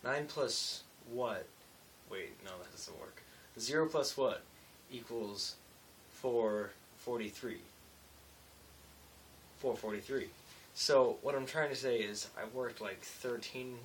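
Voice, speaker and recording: Tired young vlogger rambling late at night, a bit far from the mic with light hiss. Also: male voice, mid-range voice. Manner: rambling, self-mocking, restarts and asides. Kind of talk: casual late-night storytelling vlog.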